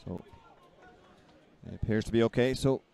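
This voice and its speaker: A man giving live play-by-play football commentary, brisk and lifting his voice as the action builds. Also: mid-range voice, vocal fry, mellow, clean tone.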